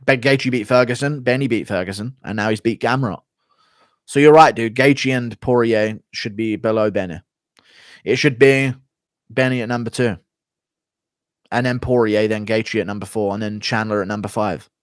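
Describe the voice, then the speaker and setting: Sarcastic male streamer, mid pitch, dry close mic. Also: steady tone, moderate pace, dry recording. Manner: blunt, sarcastic. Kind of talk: casual stream commentary.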